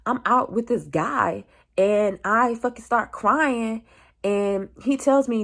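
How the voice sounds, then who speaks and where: A woman's voice: fairly high pitch, takes it slowly, a bit bright. A young woman, venting in a candid vlog and speaking bluntly with heavy swearing and slang into a phone camera. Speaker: vlogger.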